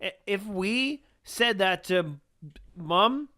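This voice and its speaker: Blunt young man with a lively voice. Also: high voice, drawn-out words. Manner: blunt, swears, quips. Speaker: podcast co-host. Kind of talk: casual chat.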